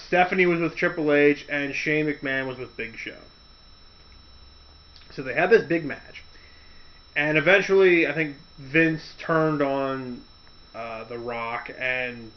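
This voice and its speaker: A man rambles through a casual podcast rant, circling back and restarting as he goes. His voice sits a bit high and he talks at a slow, unhurried pace. The audio is dull and lo-fi. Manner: rambling, loose storytelling with restarts and loud shouted impressions. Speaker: podcast host.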